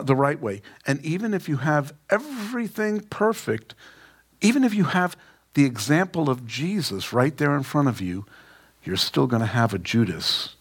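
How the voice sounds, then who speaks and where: A man preaching a casual Bible-study sermon, informal and emphatic, with joking asides. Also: mid-range voice. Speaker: pastor. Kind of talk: conversational Bible teaching sermon.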